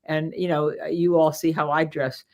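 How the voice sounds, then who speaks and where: A woman trial lawyer with a New Jersey accent co-hosts a casual legal commentary show, chatting with many fillers and restarts. Her voice is deep, level and a little mellow, at a moderate pace.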